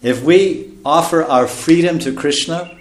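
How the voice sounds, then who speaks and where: A man giving a sermon as a spiritual teacher, talking conversationally, chuckling often and dropping into soft asides. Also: a little high, a little slow, roomy sound, a little hiss or hum.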